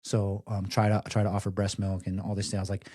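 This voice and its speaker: A young man, a firefighter guest, telling stories casually on a podcast, full of "like" fillers and growing quiet in tender moments. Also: lowish voice, fast, no echo, clean studio sound. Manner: animated storyteller, many "like" fillers, softens for emotional parts. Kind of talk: casual storytelling interview.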